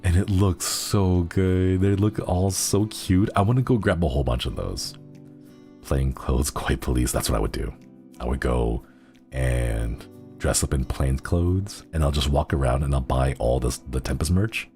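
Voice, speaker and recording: A young man with a very deep voice chatting casually on a livestream, rambling and giggling as he jumps between thoughts. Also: fairly even intonation, measured pace, dark tone, soft background music. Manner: rambling, giggly, easily sidetracked. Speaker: streamer.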